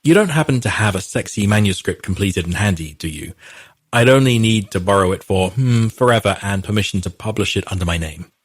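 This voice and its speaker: A playful young woman with a teasing, blunt humor, as a male audiobook narrator reads her, in a deep, slightly husky voice. Her lines come across dry and close, with no room sound. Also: lively intonation, fairly quick, dry recording. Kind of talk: audiobook character reading.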